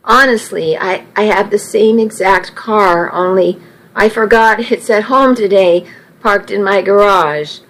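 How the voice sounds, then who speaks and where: A kind, slightly awkward young man in a story, as a woman reads him, calm and reassuring, close to her own voice and slowly paced. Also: medium pitch, rough recording.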